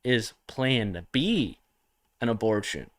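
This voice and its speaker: A man's voice: on the low side, sing-song, slow pace, no echo. A young man hosting a satirical comedy livestream, talking provocatively and mockingly and reading comments from chat.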